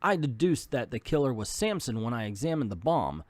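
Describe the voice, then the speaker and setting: A man's voice: mid-range voice, big pitch swings, fairly quick, no room sound, close to an everyday voice. A man voicing a confident adult male archer hero from an old comic, reading the lines plainly.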